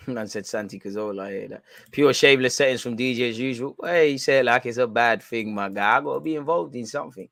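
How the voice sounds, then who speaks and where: A young man, loudly and gleefully ranting with street slang during a live football watch-along. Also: medium pitch, quick pace, vocal fry, no echo.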